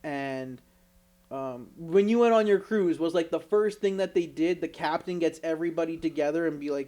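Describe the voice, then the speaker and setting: A young man from Canada with a fairly high-pitched voice tells stories on a casual podcast. He swears freely and acts out what people said, with plenty of energy. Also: normal speed. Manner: animated, swears a lot, acts out quotes. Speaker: podcast co-host. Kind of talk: casual storytelling chat.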